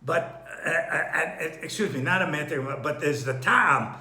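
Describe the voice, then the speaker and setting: A man giving an unhurried Torah study lesson, thinking aloud with frequent restarts and throat-clearing. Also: fairly high pitch, pushed and bright, echoey room. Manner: clears his throat often. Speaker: Torah teacher.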